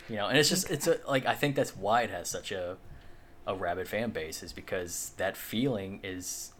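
A man's voice: fairly low pitch, normal speed, a bit bright, a little hiss or hum. A man co-hosting a podcast in casual chat, rambling with lots of fillers and the odd swear. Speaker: podcast co-host.

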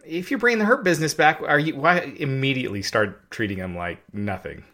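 A man co-hosting a podcast, chatting about wrestling in an animated way and acting out quotes. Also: mid-range voice, brisk. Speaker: podcast co-host. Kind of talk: casual wrestling chat.

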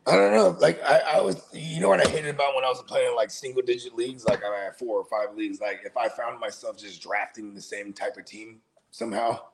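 A man's voice: medium pitch, a little fast, gravelly, few pauses. A man co-hosting a casual fantasy football show, talking in laid-back slangy banter. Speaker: co-host. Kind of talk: casual podcast chat.

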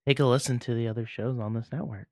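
A man's voice: medium pitch, fairly even intonation, fast talker, a little mellow, no room sound, clean studio sound. A man hosting a podcast with friends, chatting in a casual, joking way. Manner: laid-back, joking. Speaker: podcast host. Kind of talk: casual chat.

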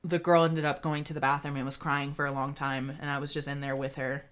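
A woman's voice: low-pitched, flat delivery, fairly quick, fairly bright tone. A woman co-hosting a podcast, telling a story in casual chat with frequent laughter. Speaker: podcast co-host.

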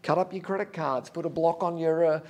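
A man's voice: on the high side, brisk, darkish tone. A man preaching a sermon, earnest and candid, talking plainly to the congregation with fillers.

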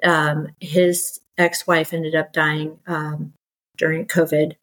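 Animated woman telling her story, lowish voice. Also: slow, low-quality recording. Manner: animated, exasperated, quoting others in lively bursts. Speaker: podcast guest. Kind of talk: candid conversational storytelling.

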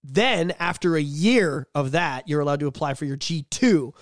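A man's voice: a little high, animated, normal speed, no room sound, studio quality. A man co-hosting a podcast in casual chat, blunt, sarcastic and full of swearing. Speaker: podcast co-host.

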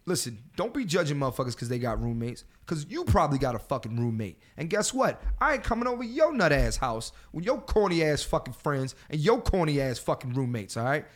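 A man in his thirties hosting a casual podcast chat, loud and profane, laughing often and lecturing his listeners. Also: a little high, sing-song, brisk, few pauses. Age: 30s. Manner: loud, profane, laughs a lot, preachy rants to "fellas". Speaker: podcast host.

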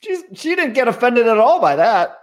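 A man's voice: extremely high pitch, sing-song, moderate pace. A man co-hosting a podcast in casual chat, laid-back, often laughing and hedging his points. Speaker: podcast co-host.

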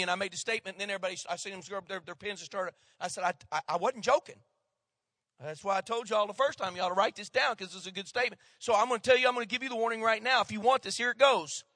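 High bright-voiced preaching pastor. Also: male voice, quick pace, no echo, studio quality. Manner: preaches with swings between loud emphasis and hushed asides. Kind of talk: sermon.

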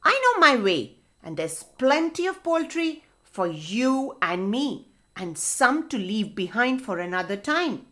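A cocky male fox from a children's storybook, bragging and bossing his companion around, voiced by a woman. The voice sits high and lively, swinging widely in pitch. It takes its time with each boast. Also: unhurried, full character voice. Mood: boastful. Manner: boastful and bossy, whining when stuck.

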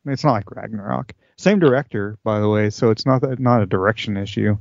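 A man's voice: fairly low pitch, fairly quick, gravelly, dry recording. A man in a casual chat speaks in an easy, agreeable way. He keeps his remarks short and laid-back. The sound is dry and muffled, like a lo-fi podcast recording. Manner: relaxed, agreeable, brief remarks. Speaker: podcast co-host. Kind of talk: casual chat reviewing a movie.

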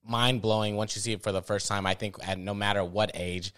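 Guy in his 30s on a movie podcast, smooth clear voice, laughs a lot telling stories. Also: fairly low pitch, a little fast. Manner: animated storyteller, laughs often. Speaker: podcast co-host. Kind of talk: casual chat.

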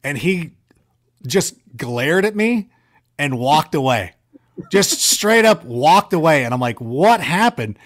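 A man chatting casually, spinning rambling, self-mocking stories. His voice sits a little high and jumps up whenever he acts out a line, then drops low when he trails off. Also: sing-song, slow. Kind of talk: casual storytelling chat.

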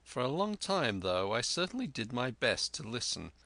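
A man narrating a storybook tale in a measured, vivid reading. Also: medium pitch, big pitch swings, creaky, bright, forceful tone, dry recording.

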